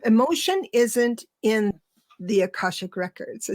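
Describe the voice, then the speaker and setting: A woman's voice: a little high, sing-song, unhurried, dry recording. A woman hosting a podcast interview, chatty, laughing easily and often restarting sentences as she talks with her guest. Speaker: podcast host. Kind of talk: conversational interview.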